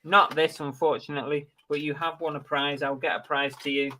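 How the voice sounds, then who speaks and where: A man's voice: a little high, flat delivery, fairly quick, bright, forceful tone, a little hiss or hum. A middle-aged man, hosting a casual live stream chat about reselling and plugging giveaways. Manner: chatty, plugs links and giveaways. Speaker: live show host.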